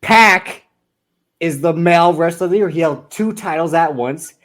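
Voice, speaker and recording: A man's voice: on the high side, normal speed, a bit bright. A man co-hosting a podcast, arguing his opinions in casual chat. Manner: opinionated, argues his picks. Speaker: podcast co-host.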